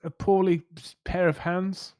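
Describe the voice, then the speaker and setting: A man's voice: high voice, level tone, unhurried, a little mellow, no echo. A man playing a tabletop game, hesitant and jokey. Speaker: player. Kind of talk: tabletop role-play.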